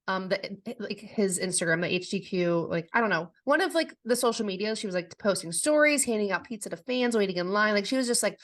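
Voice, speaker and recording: A young woman co-hosting a podcast in casual chat. She talks in a chatty way, full of "like" fillers and quick giggles. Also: mid-range voice, expressive, fairly bright tone. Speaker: podcast co-host.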